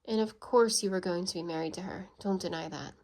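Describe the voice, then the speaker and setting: A woman voicing a blunt, proud and sarcastic English gentleman in a storybook reading, with a scolding manner. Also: lowish voice, fairly quick, lightly acted.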